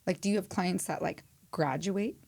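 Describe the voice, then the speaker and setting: Low gravelly woman podcast host. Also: normal speed, a little mellow. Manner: curious, encouraging, many fillers. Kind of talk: casual interview questions.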